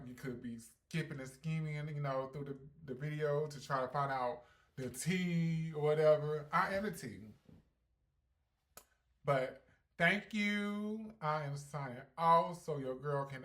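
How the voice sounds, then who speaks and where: Sassy, brash vlogger. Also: medium pitch. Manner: brash, sassy, slang-heavy talk; swings from loud hyped bursts to calm reflection. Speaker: ballroom performer and channel host. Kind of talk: casual Q&A vlog.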